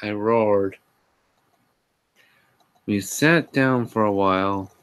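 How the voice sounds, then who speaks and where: A man's voice: on the low side, very slow, fairly bright tone, smooth. A man hosting a sarcastic comedic live reading, with exasperated sighs and asides. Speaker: host reading a fan fiction aloud.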